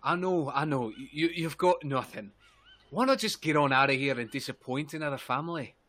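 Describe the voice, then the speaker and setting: A man playing a gruff, grieving lumberjack in his fifties who snaps at strangers. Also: on the high side, a little fast, a bit bright. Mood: bitter. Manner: bitter, snapping, defensive.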